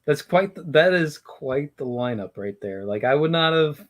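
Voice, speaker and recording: A man's voice: fairly high pitch, animated, normal speed. A man co-hosting a casual podcast chat, laid-back and rambling. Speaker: podcast co-host.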